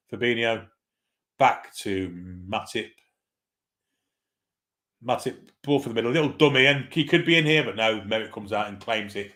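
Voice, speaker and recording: This football watchalong host has a fairly bright voice that sits on the low side. Streaming live, he delivers casual play-by-play, swears freely, and reads out comments from viewers.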